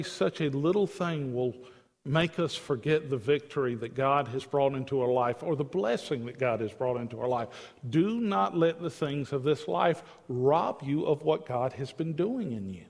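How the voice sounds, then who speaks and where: A male pastor preaching an earnest, emphatic sermon in a slightly higher register. His voice carries the long, ringing reverb of a church hall. He presses his points home with pleading urgency. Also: darkish tone. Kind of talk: evening sermon. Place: church sanctuary.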